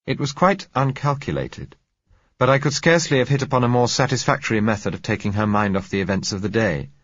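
Deep husky man narrating a story. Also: a bit bright, dry recording, muffled recording. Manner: measured, dry, wry. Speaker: audiobook narrator. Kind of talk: scripted narration.

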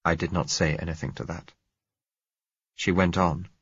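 Deep, husky male audiobook narrator. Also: little pitch movement, moderate pace, long pauses, no room sound. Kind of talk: first-person audiobook narration. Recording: dull lo-fi dry recording.

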